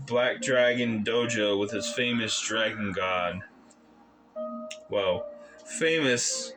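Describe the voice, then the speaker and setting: A man reading his novel aloud as narrator, deliberate and careful, sometimes correcting himself. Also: fairly low pitch, poor audio. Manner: slow, deliberate reading with occasional self-corrections. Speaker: audiobook narrator. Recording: background music under the voice.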